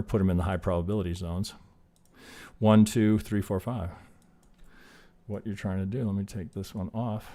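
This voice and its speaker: A man hosts a live trading stream, casually teaching as he talks loosely through chart counts, swearing now and then and getting fired up. His voice sits low with a warm tone.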